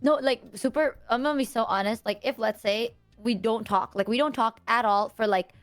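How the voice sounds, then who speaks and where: A woman's voice: a little high, normal speed. A woman chatting casually, earnest and rambling as she explains herself. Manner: earnest, rambling, lots of fillers and quoting herself. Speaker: streamer. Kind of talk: casual chat.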